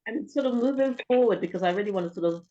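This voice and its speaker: A woman's voice: mid-range voice, quick pace, mellow. A woman hosting a casual interview who asks long, rambling questions. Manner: chatty and rambling, with many restarts and fillers. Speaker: talk show host. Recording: dull, muffled recording.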